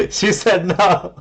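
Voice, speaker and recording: A man's voice: sits high, bright, forceful tone, slightly rough. A man hosting a casual group video call, prompting each guest with upbeat, encouraging questions.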